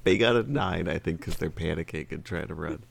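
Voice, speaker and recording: Very low, gravelly male player. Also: slight background noise. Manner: rambling, quick asides, swears. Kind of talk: casual tabletop play.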